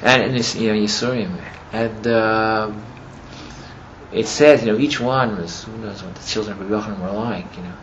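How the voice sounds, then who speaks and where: A man teaching a class as he retells a story, rambling and filling his talk with "you know", and growing animated as the story builds. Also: fairly low pitch, normal speed. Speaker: religious teacher. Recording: muffled with steady background noise.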